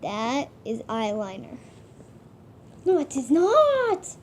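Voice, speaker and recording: A woman's voice: high voice, wildly swooping pitch, slight background noise, exaggerated voice. A woman voicing a vain, sassy pet bird with a put-on French accent, preening and theatrical. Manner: preening and theatrical, slow drawn-out delivery. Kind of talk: comic pet voice-over vlog.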